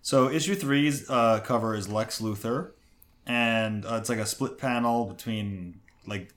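A man in a casual podcast chat about comics, relaxed in tone and quick to correct details. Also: fairly low pitch. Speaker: podcast co-host. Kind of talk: casual comic book discussion.

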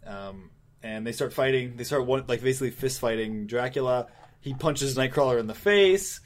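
A man's voice: medium pitch, moderate pace. Man recapping a comic, rambling. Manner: rambling, filler-heavy recap. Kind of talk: casual chat, retelling a comic.

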